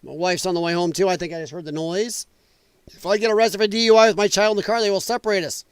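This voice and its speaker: A man's voice: high voice, fairly even intonation, fast talker, clear, resonant tone, dry recording. Blunt, indignant man. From United States. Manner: blunt, indignant, swears freely. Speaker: political podcast host. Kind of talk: opinionated livestream commentary.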